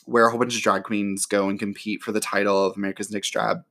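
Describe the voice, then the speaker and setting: A man's voice: on the low side, level tone, fast, fairly bright tone. A man hosting a casual solo podcast from home, chatty and profane, with lots of fillers. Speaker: podcast host. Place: home near an airport.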